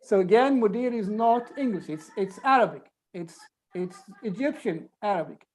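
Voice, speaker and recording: A woman's voice: mid-range voice, expressive, normal speed, darkish tone. A woman teaching an online group English lesson, patiently repeating examples and explaining rules step by step.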